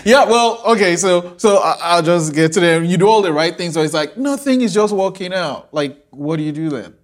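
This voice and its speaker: An interviewer in casual conversation who mostly listens with soft murmurs and asks loose, informal questions. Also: mid-range voice, animated, moderate pace. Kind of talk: casual chat.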